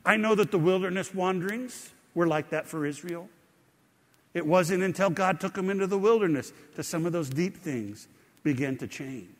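A man's voice: high-pitched, in a large hall. A middle-aged man preaching a sermon as a pastor, conversational with rising emphasis.

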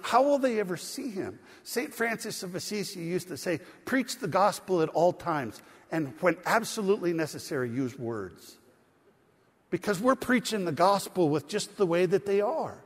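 A man's voice: high voice, animated, normal speed, husky, long reverb tail. A man preaching a sermon as pastor, telling a story and rising to emphatic points. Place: church sanctuary.

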